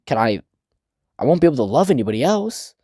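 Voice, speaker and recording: A man quoting a lovesick young man in a rushed, panicked, barely acted voice. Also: medium pitch, very animated, mellow, dry recording, studio quality.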